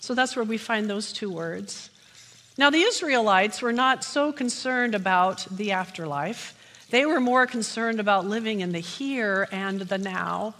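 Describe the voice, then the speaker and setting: A woman's voice: medium pitch, unhurried, a bit bright. A woman pastor preaching a sermon, opening with jokes and then teaching steadily. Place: church sanctuary. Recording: long church hall reverb.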